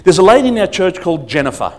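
A man's voice: high voice, very animated, racing, a little mellow. Man preaching with playful humor. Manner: storytelling with humor and acted quotes. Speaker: guest pastor. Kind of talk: sermon.

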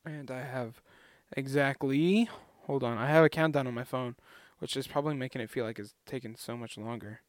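A man's voice: medium pitch, brisk, hardly any pauses, no room sound, studio quality. A young man vlogging in a casual, rambling way, chatty and self-deprecating.

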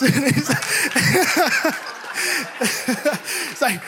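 Young male preacher, Bay Area raised, animated storyteller who shouts and laughs mid-sermon. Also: very high-pitched, unhurried, long pauses, slight background noise. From San Francisco Bay Area.

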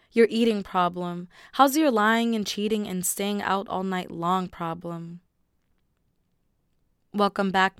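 Smooth-voiced woman reading her poems. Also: mid-range voice, dry recording, clean studio sound. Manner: casual, conversational asides between rhythmic recited poems. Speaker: poet. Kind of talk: poetry reading with spoken commentary.

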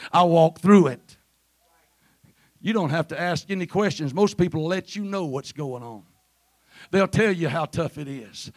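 Male preacher, high voice, church sermon, calls for amens, climbs to shouting. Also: dry recording, studio quality. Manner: rises to shouted peaks, calls for amen. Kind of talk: Pentecostal sermon. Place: church sanctuary.

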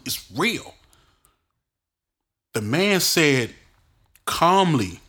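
A man hosting his own podcast, telling personal stories in an animated, expressive way and using casual street slang. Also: a little high. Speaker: podcast host. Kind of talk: casual solo podcast storytelling.

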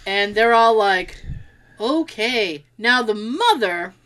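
A woman telling a story in casual chat, animated and laughing, acting out quotes and swearing freely. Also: medium pitch, unhurried. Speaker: podcast co-host.

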